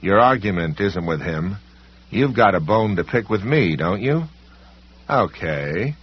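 A man voicing a defiant grown man who talks bluntly and stands his ground, with a husky voice. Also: low-pitched, animated, a little slow, heavily acted. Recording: dull lo-fi recording.

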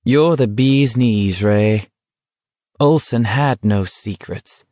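A man's voice: mid-range voice, slow pace, dark tone, no room sound, natural voice. A man reading the part of a cynical young man who speaks in a sardonic, clipped, dismissive way.

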